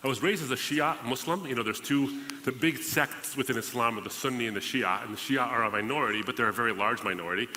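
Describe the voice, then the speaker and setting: Bright-voiced man telling his story. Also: mid-range voice, fast, slight background noise. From United States. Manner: conversational, re-enacts past dialogues. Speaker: podcast host. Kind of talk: personal testimony storytelling. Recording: reverberant hall.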